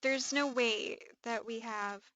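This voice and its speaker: A young woman with a Midwestern accent chatting on a live stream, excitable and gushing, rambling with lots of fillers. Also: fairly high pitch, takes it slowly, lo-fi sound. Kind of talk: casual live-stream chat.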